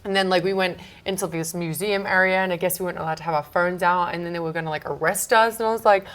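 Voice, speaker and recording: A young woman, a guest telling a story in a casual interview, animated and full of fillers. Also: fairly low pitch, fast talker. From England. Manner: animated, lots of fillers and quoted asides. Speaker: guest, wrestler.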